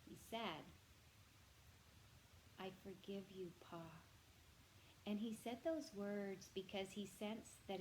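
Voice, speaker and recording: A woman reading a children's novel aloud in a gentle, expressive way, often speaking directly to the listener. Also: medium pitch, slight background noise, low-quality recording.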